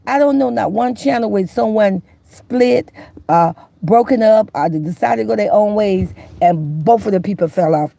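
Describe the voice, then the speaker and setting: A woman's voice: mid-range voice, creaky, warm tone, dry recording. A woman hosting her own live stream, chatting folksily with viewers and greeting them by name. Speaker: YouTube commentary host. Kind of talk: live-stream chat talk.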